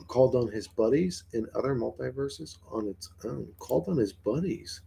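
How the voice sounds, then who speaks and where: A man's voice: mid-range voice, animated, moderate pace, vocal fry, slightly rough. A man livestreaming who rambles, swears freely and keeps firing questions back at his chat in casual talk.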